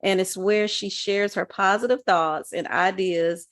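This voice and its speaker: A woman's voice: medium pitch, fairly even intonation, unhurried, dry recording, studio quality. A woman hosting a faith podcast and interviewing a guest, encouraging and affirming. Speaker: podcast host and pastor.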